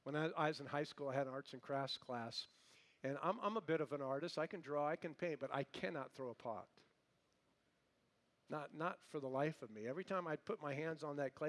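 Emphatic male preacher, raised pitch. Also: fairly quick. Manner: emphatic preaching, swinging between hushed and loud; conversational asides with humor. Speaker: pastor. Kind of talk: sermon.

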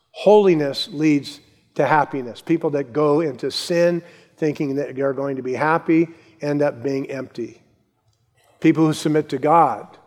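A male pastor preaching a sermon, building to emphatic lines and then dropping to soft asides. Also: a little high. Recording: long hall reverb.

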